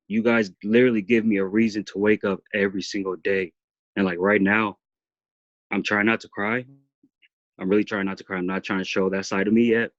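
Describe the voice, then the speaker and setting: Heartfelt man on a low video call. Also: dry recording. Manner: heartfelt, earnest, repeats himself. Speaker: team member sharing his story. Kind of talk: emotional testimony on a group call. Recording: dull, dry video call audio.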